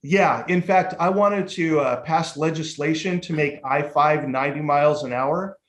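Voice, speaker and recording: Podcast guest: a man, fairly high-voiced, storytelling with candid, salty humor; roomy echo on the recording. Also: moderate pace. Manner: lively and candid, casual swearing. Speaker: guest, motivational speaker and life coach. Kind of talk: storytelling in a casual podcast interview.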